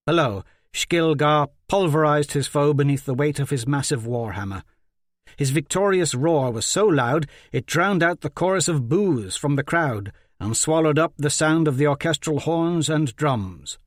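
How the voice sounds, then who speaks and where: Man reading a fantasy audiobook, mid pitch, dry close sound, steady and dramatic. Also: dry recording. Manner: measured, dramatic storytelling. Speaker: audiobook narrator. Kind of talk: scripted narration.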